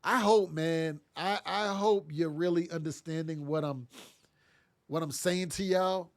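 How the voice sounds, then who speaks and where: A man's voice: a little high, unhurried. A middle-aged man, congested from sinus trouble, giving a motivational talk as a parenting podcast host in a casual, emphatic, repetitive way. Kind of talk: motivational monologue.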